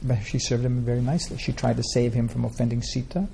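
Gravelly-voiced man telling scripture stories. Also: mid-range voice, little pitch movement, quick pace, mellow, a little hiss or hum. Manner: rambling storyteller, many restarts and fillers. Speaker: spiritual teacher answering questions. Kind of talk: informal religious Q&A talk.

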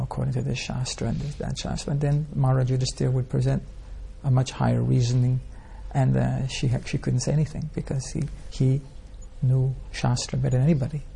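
In a gravelly, dark, breathy mid-range voice, a spiritual teacher leads a relaxed scripture class. He tells meandering stories and keeps asking his listeners rhetorical questions.

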